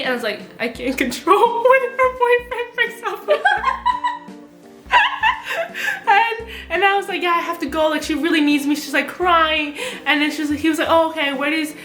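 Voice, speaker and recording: Young woman guest, high-pitched and bright, animated chatty storyteller, roomy sound. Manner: animated storytelling, giggly, lots of fillers. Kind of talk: casual chat.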